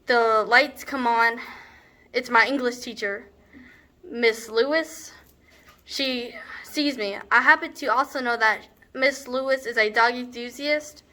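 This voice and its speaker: A woman's voice: on the high side, fairly even intonation, slow pace, pushed and bright. A young woman performing a comedic monologue as a brash, scornful teenage girl, rambling with sarcastic asides. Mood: exasperated. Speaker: student actor.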